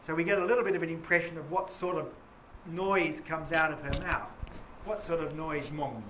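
A male teacher with a high, bright voice teaching a poetry lesson, quizzing his class and reading lines slowly. He sounds lively and questioning. The bare classroom gives his voice a strong echo, with a faint hum behind it. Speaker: English teacher. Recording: echoey classroom with faint noise.

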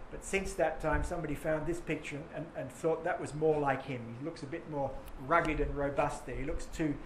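A male English teacher leading a lively classroom lesson on a poem, questioning his students and reading verse slowly. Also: a little high. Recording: echoey classroom with faint noise.

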